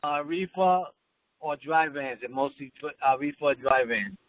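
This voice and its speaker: A man with a New York accent calls in to ask a question. His voice sits fairly high for a man, and he sounds a little hesitant. The audio is dull and lo-fi. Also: normal speed. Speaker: caller. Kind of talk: casual call-in question.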